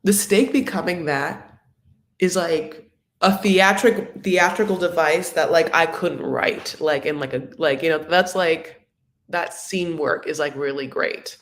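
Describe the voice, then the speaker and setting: A woman's voice: low voice, a little slow. A woman hosting a live reality TV recap, chatting in a campy, gossipy way, full of "like" and "honey". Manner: chatty and campy, calls viewers honey and my loves; rambling, full of likes and restarts.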